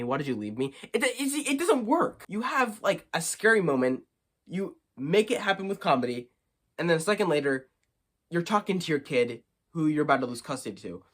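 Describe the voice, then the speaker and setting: Young male movie reviewer, slightly high voice, casual and animated, gets indignant fast. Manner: animated, indignant, quick to get worked up.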